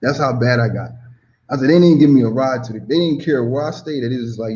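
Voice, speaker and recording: A man from the United States tells a story casually, full of slang and "you know what I mean." His voice is dark and mellow. The audio is dull and lo-fi. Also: mid-range voice, brisk, slight background noise. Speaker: guest.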